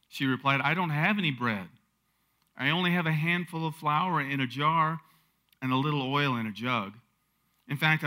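A man preaching a conversational sermon, retelling a Bible story with rhetorical questions and sudden swells of emphasis. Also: fairly high pitch. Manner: drops soft for tender lines. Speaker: pastor.

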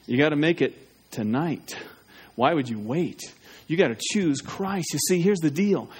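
A man preaching with urgent, pleading force. His voice sits a little high for a man, and he keeps firing questions straight at the congregation. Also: lively intonation, moderate pace, a little mellow, slightly rough. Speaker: pastor. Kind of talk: evangelistic sermon.

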